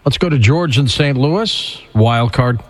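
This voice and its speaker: Lively-voiced male radio host. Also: mid-range voice, slight background noise. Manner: brisk, friendly taking of callers. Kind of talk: radio call-in talk.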